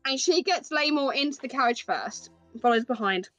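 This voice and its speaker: A woman's voice: high voice, expressive, moderate pace, fairly bright tone, faint music behind, low-quality recording. A woman narrating as game master of a tabletop game, in a descriptive storytelling manner over a call mic.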